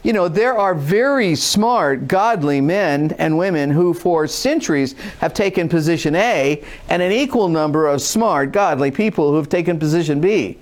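A man's voice: on the high side, lively intonation, moderate pace, hardly any pauses. A man teaching a conversational Bible lesson, informal and emphatic, repeating points for stress. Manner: acts out a whiny skeptic voice at times.

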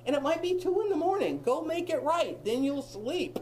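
A woman's voice: high voice, very animated, normal speed, few pauses, mellow, slight background noise, low-quality recording. A woman in her fifties teaching a Bible study group, emphatic and repetitive, with humorous asides.

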